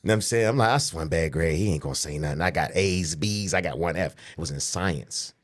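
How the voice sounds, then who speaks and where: A man in his forties, from the Pittsburgh area, telling a profane childhood story as a podcast guest, animated and acting out the voices of people he quotes. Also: low-pitched, fairly quick. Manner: profane, animated, acts out quoted voices, frequent "you know what I'm saying". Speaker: podcast guest, pro bodybuilder. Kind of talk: casual storytelling in a podcast interview.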